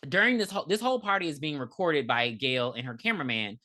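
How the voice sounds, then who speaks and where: Low-voiced woman podcaster recapping a movie. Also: quick pace. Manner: animated, profane, laughing storyteller. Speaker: podcast co-host. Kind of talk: casual movie recap chat.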